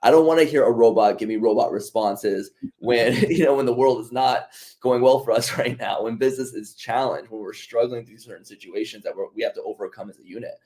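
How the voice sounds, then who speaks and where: A man with a mid-range voice talks fairly quickly as he co-hosts a podcast. In a casual discussion, he tells animated stories and laughs often.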